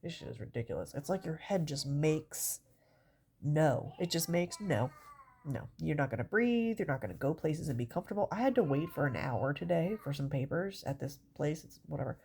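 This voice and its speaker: A woman's voice: low-pitched, animated, normal speed, vocal fry, darkish tone, slight background noise. A woman with a stuffy, congested nose, doing a stand-up comedy bit in an exasperated, rambling way, swearing often.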